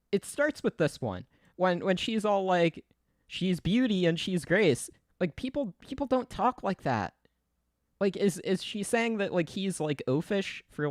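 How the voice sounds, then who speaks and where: A man's voice: sits high, dry recording. Young male streamer, loose giggly rambling commentary, dry untreated mic sound. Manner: rambling, giggly, lots of fillers and restarts. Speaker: livestreamer. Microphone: desk mic, untested.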